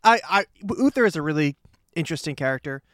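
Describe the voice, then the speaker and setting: Male podcast co-host, somewhat high voice, dry close mic, relaxed agreeable manner. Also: no room sound. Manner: easygoing, quick to agree and chuckle. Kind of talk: casual chat.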